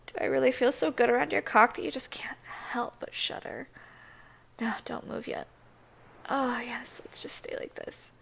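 A woman voicing a seductive, teasing female angler mermaid in a breathy, sultry whispered role-play. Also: on the high side, steady tone, normal speed, a bit bright.

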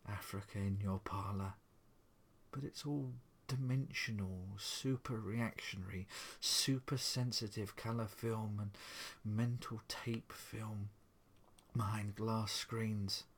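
A man voicing a calm middle-aged husband, soothing and dryly amused. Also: lowish voice, takes it slowly, slightly rough, exaggerated voice. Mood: reassuring.

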